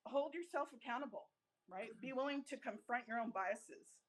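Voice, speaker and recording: A woman's voice: a little high, moderate pace, poor audio. A woman giving a talk to a live audience, speaking bluntly with jokes and often asking "right?". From United States. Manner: direct, blunt and joking, keeps checking in with "right?". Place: event room with a live audience.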